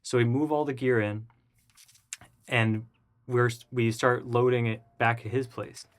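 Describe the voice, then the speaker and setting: Guy telling a story in an interview, does the voices, gets loud and squeaky when hyped. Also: a little slow. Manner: animated, acts out the voices of people in his story; jumps high and loud when excited. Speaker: interview guest.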